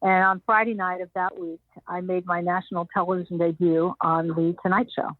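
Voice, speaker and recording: Older woman guest, animated storyteller, dry narrow phone-like sound. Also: on the low side, a little fast, dry recording. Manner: animated anecdotes, acting out others' lines with laughs. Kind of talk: storytelling interview.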